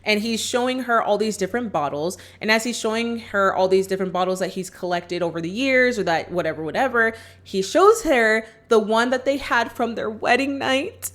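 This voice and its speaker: A woman's voice: on the high side, normal speed, hardly any pauses, a bit bright. A woman vlogger casually recapping a movie plot in a chatty, upbeat way, speaking straight to her viewers. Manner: chatty, acts out characters' lines while retelling.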